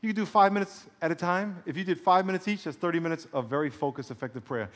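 A man's voice: a little high, fast talker. Man preaching in a reverberant hall. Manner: preaching with call-and-response, then softly guiding prayer. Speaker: pastor. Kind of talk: sermon.

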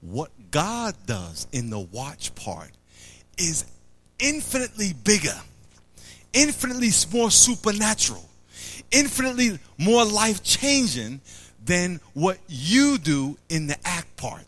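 A man's voice: high voice, a little slow, a little hiss or hum. A man preaching a sermon to a live audience, acting out little scenes, repeating himself and quizzing the crowd. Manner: animated, acts out little scenes and quotes.

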